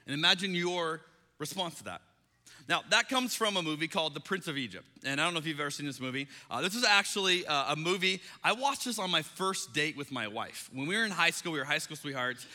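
A man in his thirties, a pastor, preaching a sermon and telling a story with animated, acted-out dialogue. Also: a little high. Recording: long hall reverb.

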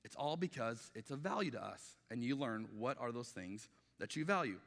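A man's voice: medium pitch, animated, normal speed, vocal fry, a bit bright. A middle-aged male pastor giving a conversational sermon, often acting out quoted dialogue, with frequent restarts. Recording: long reverb of a large hall.

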